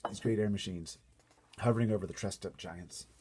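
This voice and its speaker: A man reading a children's novel aloud in an expressive, animated storytelling manner. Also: fairly low pitch, brisk, husky. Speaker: storybook reader.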